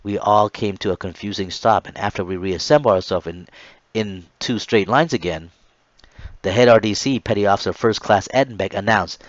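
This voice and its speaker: Low-voiced man reading his memoir aloud. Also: normal speed, dry recording, muffled recording. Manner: earnest reading with small stumbles and restarts.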